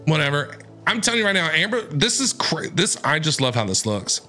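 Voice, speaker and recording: A man giving excitable reaction commentary while reading a manga, firing off questions and exclamations. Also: on the high side, brisk, faint music behind. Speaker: streamer, content creator.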